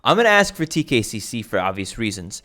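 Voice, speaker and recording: A man's voice: fairly low pitch, big pitch swings, fast talker, pushed and bright. A man giving casual commentary over his own gameplay, thinking aloud with many restarts and fillers. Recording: faint background music.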